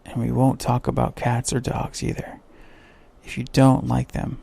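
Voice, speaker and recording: Man doing polite eager young girl Alice, gentle soothing storybook voice, gravelly, dark, husky. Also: medium pitch, completely flat delivery, unhurried.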